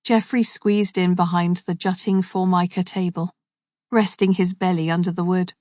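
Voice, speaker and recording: A woman reading a thriller story aloud in steady, measured scripted narration. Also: fairly low pitch, dry recording, studio quality.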